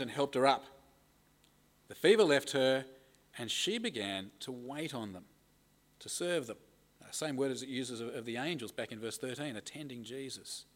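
A middle-aged man preaching a conversational sermon and reading scripture aloud with emphasis. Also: mid-range voice. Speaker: pastor.

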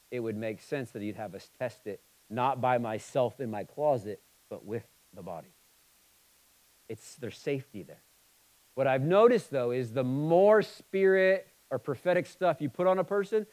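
Preaching man, swinging from loud to hushed. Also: mid-range voice, rough recording. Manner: shifts between emphatic and quiet, somber delivery. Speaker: pastor. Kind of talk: sermon.

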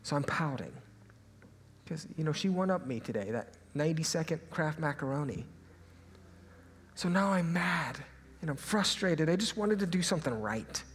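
A young man preaching a sermon as a pastor, telling a personal story in a lively, animated way and sometimes dropping to a hushed aside. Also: a little high, normal speed, slight background noise. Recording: hall reverb, faint ambience.

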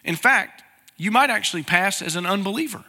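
A man's voice: sits high, animated, fairly quick, bright, forceful tone, in a large hall. A man, preaching a sermon as pastor and talking to the congregation with plain questions. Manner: conversational, asks the congregation questions.

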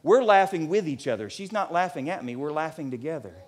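A pastor in his forties preaching a sermon in a church, animated and at times nearly shouting. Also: fairly high pitch, a little fast.

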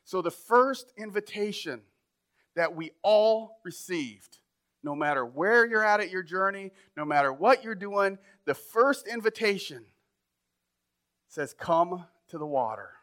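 A pastor preaching a sermon in a conversational way, building up to emphatic points. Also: male voice, high voice, animated, measured pace, a bit bright.

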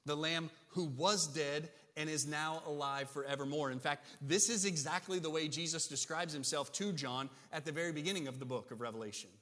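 A man preaches a sermon with an emphatic delivery and keeps asking his listeners "right?". His voice sits fairly high. The sound carries a long reverb, as in a church sanctuary. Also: a little fast, few pauses, pushed and bright. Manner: emphatic, asks the congregation "right?". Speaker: pastor.

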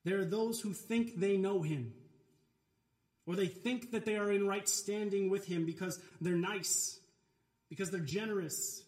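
A man's voice: sits high, measured pace, a little mellow. A man, a pastor, preaching an earnest, emphatic sermon in a church sanctuary. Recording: echoey church room.

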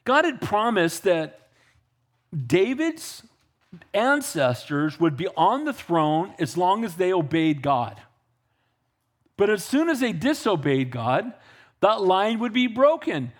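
A man preaching a sermon as pastor, swinging from calm asides to fervent, raised passages and calling out to the congregation. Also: sits high, slow pace. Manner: builds to fervent, raised preaching, with audience call-outs.

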